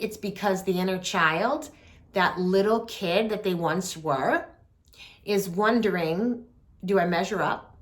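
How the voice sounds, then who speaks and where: A woman hosting a reflective talk on compassion, speaking softly and deliberately with gentle pauses. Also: mid-range voice. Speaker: host.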